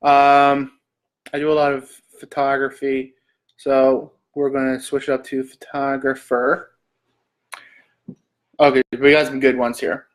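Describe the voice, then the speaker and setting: A man's voice: medium pitch, monotone, measured pace, long pauses. A man from Canada hosting a casual live stream, reading search questions aloud and joking back answers. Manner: reads questions aloud then jokes back. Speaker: livestream host.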